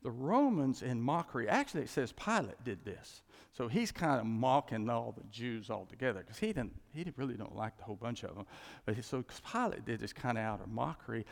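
A man preaching a sermon in a conversational, animated storytelling way. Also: mid-range voice, vocal fry. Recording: reverberant hall.

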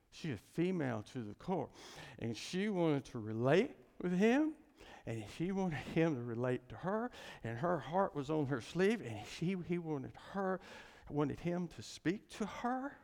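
Male pastor, folksy storyteller, animated delivery, long hall echo. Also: fairly high pitch, measured pace, gravelly. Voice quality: animated, folksy, acts out the people in his stories. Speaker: pastor and marriage counselor. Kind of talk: storytelling sermon.

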